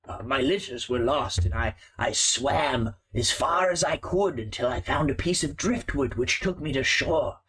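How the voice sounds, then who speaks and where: A tired old rat drifts through a sad tale, voiced by a man at a tabletop game. He speaks slowly, in a worn, mournful way. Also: medium pitch, animated, fairly bright tone, slightly rough, rough recording. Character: old male sewer rat, weary storyteller.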